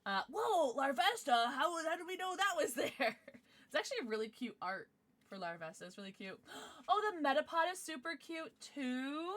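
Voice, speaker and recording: Bubbly high-voiced woman streamer. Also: very animated, moderate pace, a bit bright, no echo. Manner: bubbly, gasps and squeals at reactions. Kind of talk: casual livestream chat.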